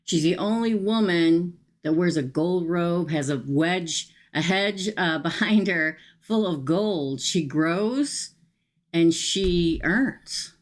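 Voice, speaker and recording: Middle-aged woman, lowish voice, emphatic live-stream tarot reader. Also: slow pace. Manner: chatty and emphatic, frequent "okay?" asides.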